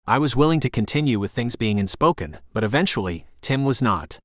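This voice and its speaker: A man narrating a first-person romance audiobook in an earnest, emotional, soft-spoken way. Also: mid-range voice, expressive, a little fast, no room sound, studio quality.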